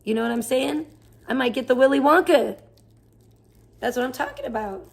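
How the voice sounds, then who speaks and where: A woman's voice: high-pitched, lively intonation, normal speed, creaky, slightly rough. A woman live streamer chatting casually, rambling and swearing as she rants in exasperation. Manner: rambling, profane, exasperated ranting. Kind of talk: casual chat.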